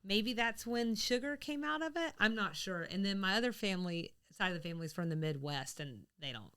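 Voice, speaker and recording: A woman's voice: medium pitch, expressive, a little fast, sharp tone, clean tone. A woman from the American South co-hosting a podcast, talking in a casual, chatty way with rambling asides and laughs. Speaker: podcast co-host. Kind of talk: casual chat.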